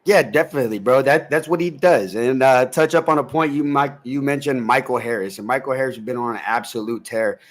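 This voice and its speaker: A man's voice: medium pitch, brisk, hardly any pauses. A man hosting a sports betting podcast, reading off stats in an emphatic, slangy breakdown. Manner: stat-heavy, emphatic, slangy.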